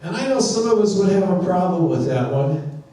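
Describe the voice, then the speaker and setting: A man preaching in a high, mellow voice, taking his time and slipping into little acted-out exchanges with gentle humor. He sounds set back from the microphone in a big echoing church sanctuary. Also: lively intonation, normal speed. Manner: conversational, acts out dialogue with playful humor. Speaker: pastor. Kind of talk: sermon. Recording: echoey church from a distant mic.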